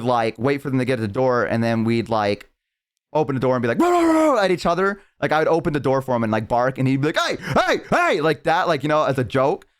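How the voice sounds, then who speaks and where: A young man streamer chatting casually, telling stories and acting out quotes with big jumps in his voice. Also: clean tone. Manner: animated storyteller, acts out quotes with big pitch jumps. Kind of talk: casual chat.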